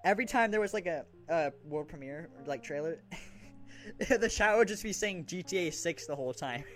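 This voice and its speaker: A man's voice: fairly high pitch, animated, normal speed, fairly bright tone, faint music behind. A young man co-hosting a casual podcast, talking with lots of ums and restarts and casual swearing. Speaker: podcast co-host. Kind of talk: casual chat.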